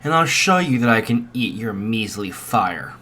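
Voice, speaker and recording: A man's voice: lowish voice, lively intonation, normal speed, bright, forceful tone. A man voicing a hearty, boastful fire dragon father.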